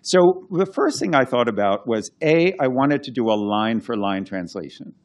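A man's voice: mid-range voice, lively intonation, moderate pace. A man, a classics scholar and translator, explaining his work in a conversational lecture, thinking aloud with many restarts and chanting verse rhythms as examples.

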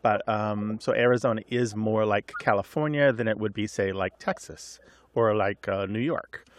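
A man's voice: lowish voice, fairly even intonation, normal speed, slight background noise. A middle-aged man co-hosting a language call-in radio show, explaining in a chatty way with asides. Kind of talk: casual radio chat and explanation.

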